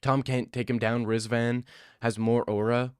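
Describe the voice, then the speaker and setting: A man's voice: medium pitch, level tone, measured pace, clean tone, dry recording, clean studio sound. A young man streaming live, answering his chat with defensive, joking replies and a lot of "bro.". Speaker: livestreamer reading chat. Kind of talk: casual livestream chat.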